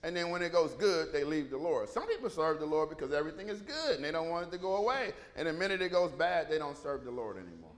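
Animated, high-voiced male pastor preaching. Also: quick pace, few pauses. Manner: animated storytelling with many restarts. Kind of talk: sermon.

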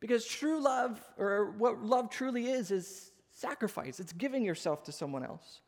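Pastor in his thirties, high-pitched male voice, sermon full of acted-out anecdotes, echoing sanctuary. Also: normal speed. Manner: animated storytelling, acts out voices. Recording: long hall reverb.

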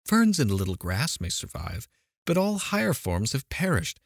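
A man's voice: mid-range voice, wildly swooping pitch, normal speed, creaky, no room sound, voice pushed up, exaggerated voice. A man reading an audiobook, voicing a stern, dismissive middle-aged mother who questions coldly. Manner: cold, questioning.

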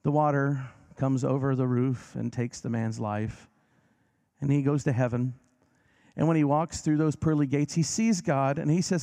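A pastor gives a gentle, reassuring sermon, easing his pace on key lines. His voice is gravelly, in a middling register. He speaks directly to his congregation. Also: mid-range voice. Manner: gentle, reassuring, slows down for emphasis.

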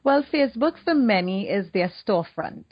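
A woman's voice: mid-range voice, animated, normal speed, husky. A woman with a Trinidadian accent, co-hosting a casual podcast chat and laughing easily. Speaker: podcast co-host. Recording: dull lo-fi sound.

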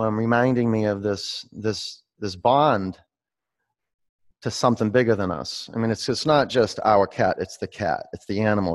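Low gravelly yoga teacher. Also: male voice. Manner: rambling and laughing between pose cues. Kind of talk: live-streamed yoga class with chatty asides.

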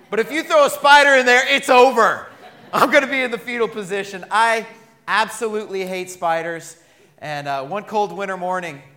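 High, bright-voiced preacher man. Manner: animated storytelling with humor. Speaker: pastor. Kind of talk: sermon.

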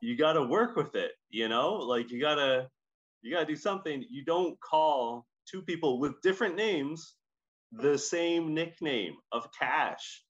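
A man from Scotland co-hosting a podcast, telling stories in a lively, chatty way full of "like". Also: on the high side, unhurried, highs cut off. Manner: animated storytelling, lots of "like". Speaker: podcast co-host. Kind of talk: casual chat.

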